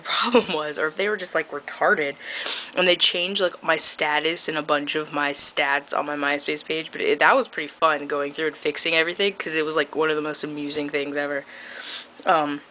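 Chatty young woman with a low, bright voice. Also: a little hiss or hum, poor audio. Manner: chatty, filler-heavy, laughs often, sarcastic. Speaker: vlogger. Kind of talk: casual vlog rant.

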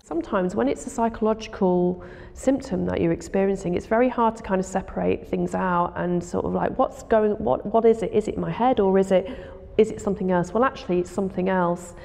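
A woman with a dark, mellow voice and a gravelly edge explains things in a calm, reassuring way. The recording carries a long reverb. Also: medium pitch, a little fast. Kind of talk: explanatory interview.

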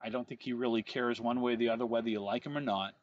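A man's voice: mid-range voice, fairly even intonation, fast talker. Wry man in his forties, dull lo-fi sound. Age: 40s. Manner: wry, teasing. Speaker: podcast co-host. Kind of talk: casual chat. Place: outdoor home deck.

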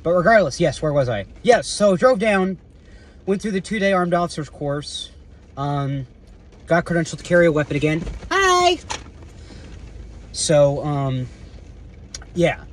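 A man with a fairly high voice and normal pace vlogs casually from around his car, eating as he goes; he works as a security guard. There is slight background noise, and his talk rambles with fillers, restarts, and casual swearing.

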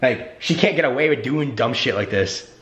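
A man's voice: medium pitch, lively intonation, moderate pace, fairly bright tone. A young man hosting a vlog, talking to camera in an exasperated, heavily swearing way. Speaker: vlogger host. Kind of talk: casual vlog talk to camera.

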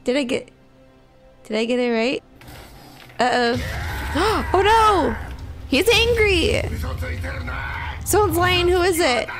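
A woman giving casual gameplay commentary, excitable, gasping and shrieking at scares and laughing often, and reading riddles aloud slowly. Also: extremely high pitch. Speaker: gaming video creator. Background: game music.

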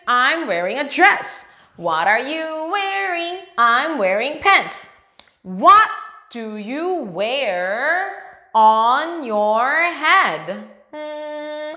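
A woman teaching English to young children, animated, with gasps and slow repetition. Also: high-pitched. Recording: echoey room.

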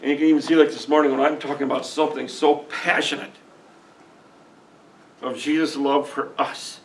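A man's voice: on the high side, flat delivery, moderate pace, distant mic, slight background noise. A middle-aged man preaching a sermon as pastor, earnest, folksy and openly emotional. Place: church sanctuary.

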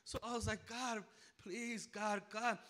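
A man preaching a personal testimony to a church, emotional and full of repeated words and restarts, rising to near shouting at the high points. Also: flat delivery, unhurried. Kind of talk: sermon testimony. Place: church sanctuary.

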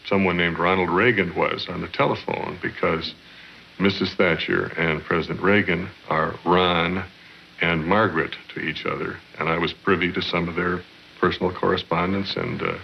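A man recounts past events in a measured, formal way for a documentary interview. His voice is very low and gravelly. The archive audio is muffled, with a faint hiss. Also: flat delivery. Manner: measured storytelling, formal phrasing. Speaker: former diplomat interviewee.

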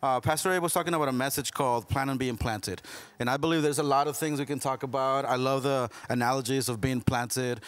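A man's voice: medium pitch, fairly even intonation, brisk, clean tone, no echo. A man hosting a church discussion show, upbeat and enthusiastic, welcoming his guests. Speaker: host.

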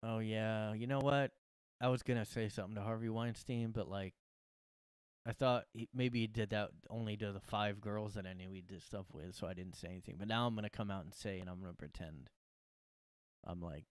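Low-voiced man rambling sarcastically. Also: steady tone, fairly quick, smooth, no room sound, studio quality. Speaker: podcast host. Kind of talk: casual comedic monologue. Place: his room at home.

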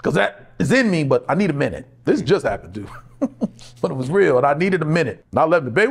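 A fast-talking middle-aged actor with a gravelly, husky voice on the high side shares stories in a candid interview. He keeps it animated and conversational, acting out quoted voices and laughing often.

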